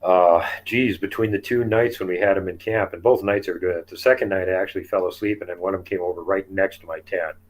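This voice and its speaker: A man with a somewhat low voice tells his camping stories in a relaxed, chatty way. He laughs easily and slips into acting out what people said. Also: fast, hardly any pauses, poor audio. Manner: chatty, laughs often, acts out quotes. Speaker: guest telling field encounters. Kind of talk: casual storytelling interview.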